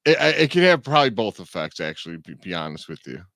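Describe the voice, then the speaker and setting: A man's voice: fairly low pitch, very animated, quick pace, gravelly, a bit bright, dry recording, studio quality. A man hosting a sports talk show, easygoing and joking as he talks with his co-host.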